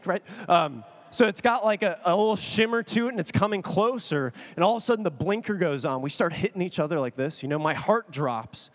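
A man in his thirties telling a comic personal story to an audience, excitable and animated. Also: high-pitched, normal speed. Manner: excitable, animated, acts out chat messages. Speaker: speaker addressing an audience.

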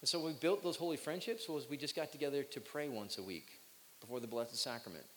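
A man's voice: medium pitch, fairly quick, a bit bright. Chatty man speaking in an echoing hall. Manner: chatty, self-joking, acts out quotes. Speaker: youth speaker. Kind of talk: talk to young people. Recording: long hall reverb, faint hiss.

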